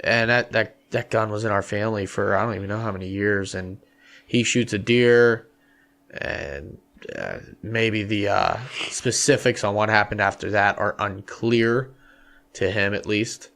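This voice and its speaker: Low, gravelly-voiced man chatting about hunting. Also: measured pace. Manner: animated, talks in rambling runs with fillers. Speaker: podcast co-host. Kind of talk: casual hunting chat. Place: small podcast studio.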